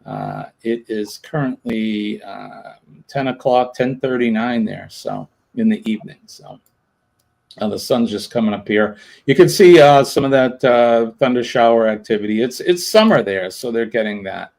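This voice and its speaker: A man's voice: mid-range voice, moderate pace, creaky, a little mellow. A man hosting a casual livestream, rambling with lots of ums and uhs. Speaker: livestream host. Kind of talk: casual live chat.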